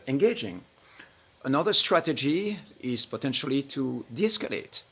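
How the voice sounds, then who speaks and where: Gravelly-voiced man teaching a webinar. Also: medium pitch, pushed and bright. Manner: acts out quoted lines with big swings in volume. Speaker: webinar host and relationship coach. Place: home studio in rice fields, outdoors nearby.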